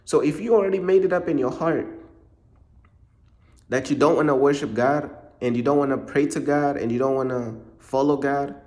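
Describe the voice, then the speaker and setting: A man preaching in a casual monologue, blunt and repetitive, full of street slang. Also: on the high side.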